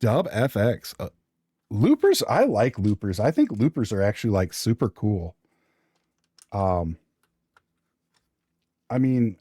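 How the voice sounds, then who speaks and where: A man's voice: lowish voice, dark tone, no room sound, studio quality. A man casually chatting with his viewers during a live stream, joking and thinking aloud while he builds.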